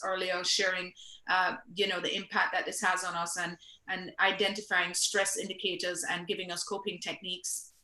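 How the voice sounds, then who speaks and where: A woman moderating an online panel with a bright, forward voice. She thanks and introduces each guest graciously, at length. Her call audio sounds roomy and echoey. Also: lowish voice. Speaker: webinar host.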